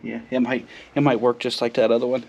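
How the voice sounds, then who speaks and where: A man's voice: mid-range voice, flat delivery, quick pace, vocal fry, a little mellow, dull audio, slight background noise. A man casually explaining a car repair as he works in his garage, folksy and rambling with lots of fillers, moving near and away from the camera mic. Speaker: car mechanic vlogger. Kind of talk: casual how-to narration while working. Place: home garage, working on a car.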